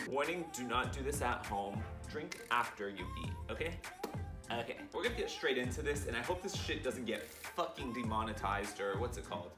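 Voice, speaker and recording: Sassy cussing guy reacting to vids at home, echoey room, music going behind him. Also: medium pitch. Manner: profane, flamboyant and excitable. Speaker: music video reaction host. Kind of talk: casual reaction vlog. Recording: roomy echo with music playing.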